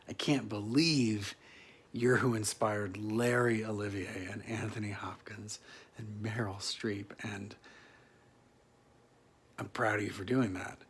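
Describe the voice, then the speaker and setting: Slow, musing male actor monologue. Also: fairly low pitch, steady tone, slightly rough. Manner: musing and halting, with many restarts and soft chuckles. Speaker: actor performing a solo piece. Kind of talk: reflective solo monologue addressed to an imagined listener.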